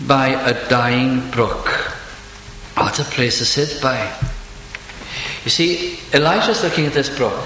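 A man preaching a sermon at a measured, unhurried pace. He slows right down over scripture quotes. His voice carries through a roomy, echoing space with a faint hum of ambience behind it. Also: medium pitch, bright, forceful tone.

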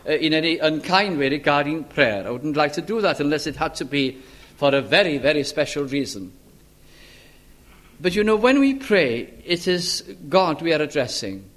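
A man preaching a sermon in an earnest, measured way, with frequent stammered restarts. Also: fairly high pitch, a bit bright.

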